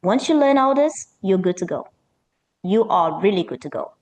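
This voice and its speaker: Animated woman teaching pronunciation. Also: mid-range voice. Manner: animated, stretching words out slowly for emphasis. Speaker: accent coach. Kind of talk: teaching an online pronunciation lesson.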